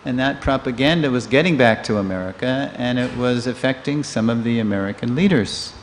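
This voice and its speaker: An older man lectures in a temple hall, his voice carrying a long reverb over a faint hiss. He is a lively storyteller who slips into the voices of the people he quotes, with an ordinary mid-pitched tone. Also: brisk. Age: 60s. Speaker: lecturer giving a scripture class. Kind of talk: storytelling scripture class.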